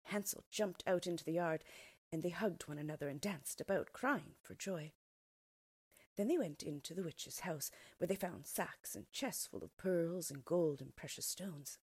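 A woman reading a fairy tale aloud in an expressive storyteller's way. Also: fairly low pitch, moderate pace, slightly rough, no echo.

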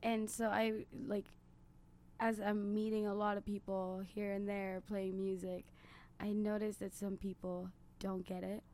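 A woman musician as an interview guest, teasing and joking with deadpan jabs. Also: mid-range voice, unhurried. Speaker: band member, guest. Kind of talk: casual interview chat.

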